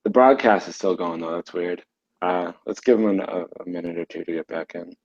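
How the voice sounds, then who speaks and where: A man's voice: low-pitched, brisk, darkish tone, dull audio. A man narrating a tabletop game as game master, rambling with many fillers over an online call.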